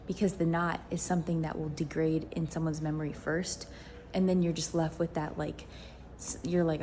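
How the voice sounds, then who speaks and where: A woman's voice: fairly low pitch, little pitch movement, normal speed, gravelly, dark tone, a little hiss or hum. A young woman talking casually to her viewers at home in a rambling, upbeat vlog. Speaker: vlogger. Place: indoors at home.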